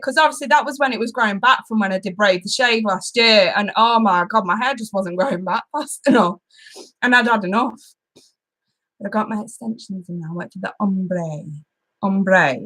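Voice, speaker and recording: A woman's voice: mid-range voice, expressive, moderate pace, bright, forceful tone. A woman hosting a live tarot stream, chatting casually and giggling as she greets viewers by name.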